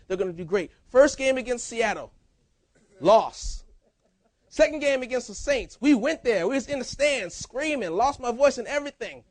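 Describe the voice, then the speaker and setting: A man preaching a sermon as pastor, in a lively, conversational style with casual banter. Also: extremely high pitch, dry recording. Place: church.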